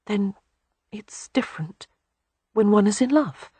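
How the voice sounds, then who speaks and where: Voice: mid-range voice, lively intonation, measured pace, warm tone, husky, dry recording, voice pushed up. An audiobook reader voicing a shy, eager young woman who speaks breathlessly, her voice trembling. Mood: breathless, shaky. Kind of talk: audiobook character reading.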